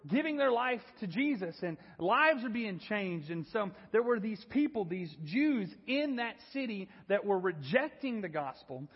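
A man in his thirties preaching a sermon, telling a story in an animated, self-deprecating way. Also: high voice, measured pace, hardly any pauses, breathy edge, in a large hall, highs cut off. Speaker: pastor. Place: church.

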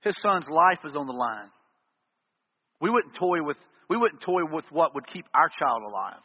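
Pastor, male, high-pitched and husky, preaching earnestly in a big reverberant church hall. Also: expressive, moderate pace. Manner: earnest preaching with repeated emphatic refrains. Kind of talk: sermon. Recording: reverberant hall, dull lo-fi sound.

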